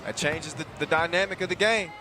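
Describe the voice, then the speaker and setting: A man calling a live basketball game, with quick, jokey, excitable play-by-play. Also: a little high. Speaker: play-by-play commentator. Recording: loud crowd behind.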